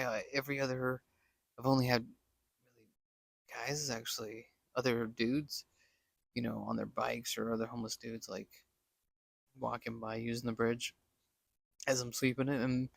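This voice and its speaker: A man with a gravelly, fry-laced voice tells a personal story in a loose, rambling way. He leans on fillers and restarts, and sinks almost to a whisper when he quotes his own worries. The recording is dry and close, with no room sound. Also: medium pitch, no room sound. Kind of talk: casual spoken story. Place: Las Vegas.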